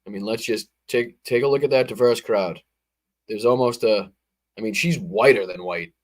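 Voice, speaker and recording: A man's voice: on the low side, normal speed, darkish tone. A man hosting a show, giving sarcastic, profane commentary over a political speech. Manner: sarcastic, swearing, laughing outbursts. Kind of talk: profane live reaction commentary.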